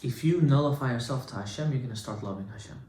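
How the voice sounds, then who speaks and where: A man giving an informal Torah class as a rabbi, animated and conversational, with Hebrew terms mixed in. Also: mid-range voice, quick pace. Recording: echoey room with faint noise.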